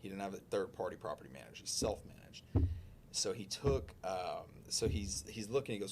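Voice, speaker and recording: A man's voice: low-pitched, lively intonation, fairly quick, background noise. A man in the insurance business telling a work story in a chatty, joking way, with plenty of restarts and asides. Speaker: insurance agent guest. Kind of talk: casual anecdote telling.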